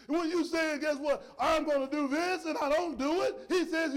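A male preacher giving an emphatic sermon, swinging between shouted points and soft, low asides. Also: a little slow, long pauses. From rural area. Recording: long hall reverb.

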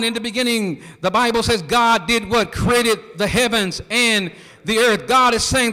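Preacher, male, very high bright voice, rhythmic call-and-response delivery, church with long reverb. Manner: rhythmic, rising to shouts, quizzing the congregation. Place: church sanctuary.

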